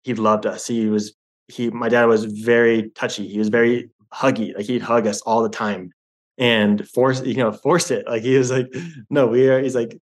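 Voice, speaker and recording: A young man who is a podcast guest, talking in a rambling, halting way with many fillers, in casual interview chat. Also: fairly low pitch, flat delivery.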